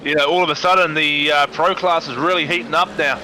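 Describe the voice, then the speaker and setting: A man analyses a race in a steady, measured way, his voice sitting a little above the usual pitch. Noise runs steadily underneath the recording. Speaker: co-commentator. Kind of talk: live race commentary. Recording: noisy background.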